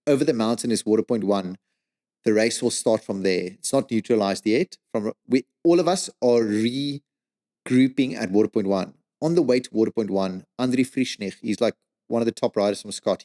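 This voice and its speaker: Swearing man telling a story. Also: lowish voice. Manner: animated, swears a lot, says "like" and "dude" often. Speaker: podcast guest. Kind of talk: casual storytelling.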